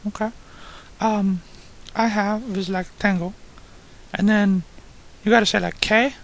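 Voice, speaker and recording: Very creaky man answering hesitantly. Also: sits high, fairly even intonation, unhurried. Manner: hesitant, working answers out aloud with fillers. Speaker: student on the lesson. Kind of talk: casual spoken lesson.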